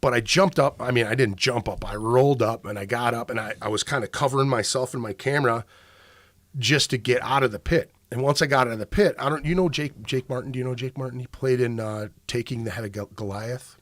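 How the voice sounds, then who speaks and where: A man's voice: mid-range voice, a little fast, fairly bright tone, no room sound. A man hosting a podcast, telling a long profane story in casual chat. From Minnesota. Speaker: podcast host.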